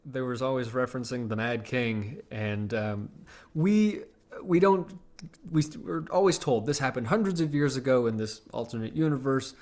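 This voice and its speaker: Male podcast co-host, mid-pitched, wry and halting delivery. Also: darkish tone. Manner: wry, halting, many restarts. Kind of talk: casual podcast chat.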